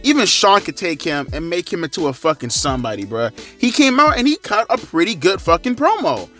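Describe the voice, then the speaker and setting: A man in his thirties who vlogs wrestling commentary delivers a casual rant that is slangy, profane, animated and crude. His voice is high-pitched and a little fast, with soft music playing in the background.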